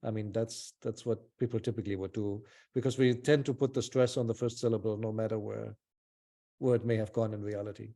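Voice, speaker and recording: Man, online teacher, very dark warm voice, patient, encouraging, thinks aloud, video call. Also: fairly low pitch, steady tone, a little fast. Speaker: language teacher.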